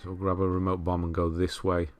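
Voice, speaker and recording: Male game walkthrough host, deep voice, casual and self-deprecating. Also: quick pace, slight background noise. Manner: relaxed, chatty, laughs at himself, self-correcting. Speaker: walkthrough commentator. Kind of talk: casual gameplay commentary.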